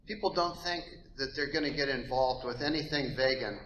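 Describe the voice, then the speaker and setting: Man, 70s, bright forceful voice, modest relaxed guest speaker; echoey hall. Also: medium pitch, moderate pace, dull audio, a little hiss or hum. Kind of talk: conference talk. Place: lecture hall.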